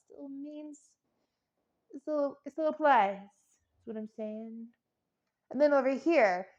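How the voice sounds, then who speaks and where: A woman's voice: a little high, darkish tone, muffled recording. A woman giving a casual tarot reading, chatty and playful, rambling into jokes and silly sound effects. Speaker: tarot reader.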